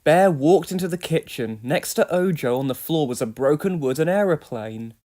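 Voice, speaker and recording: A woman's voice: deep voice, lively intonation, moderate pace, warm tone. Woman reading a children's story expressively. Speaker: storybook reader. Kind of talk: read-aloud children's story narration.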